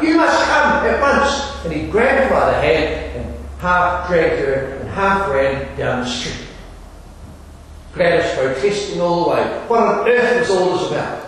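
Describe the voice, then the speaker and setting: High-voiced male storyteller in echoing hall. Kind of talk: dramatic storytelling. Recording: echoey hall from far off.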